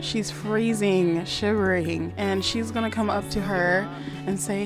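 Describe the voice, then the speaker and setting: A woman commenting casually on a life-simulation game, chatty and excitable, often laughing and doing quick voices. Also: medium pitch. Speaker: gaming vlogger. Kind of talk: casual let's-play commentary. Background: background music.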